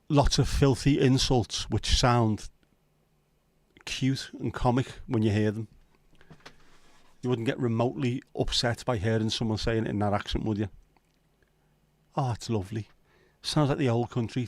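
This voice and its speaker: A man's voice: medium pitch, fairly even intonation, normal speed, darkish tone, no room sound. A man hosting a casual livestream chat, joking and teasing his viewers in loose banter. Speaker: livestream host.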